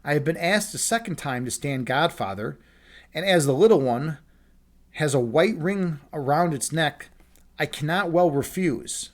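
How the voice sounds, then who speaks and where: A man voicing a scheming male cat in a fairy tale, with a dry, slightly lowered reading voice. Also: expressive, measured pace. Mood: sly.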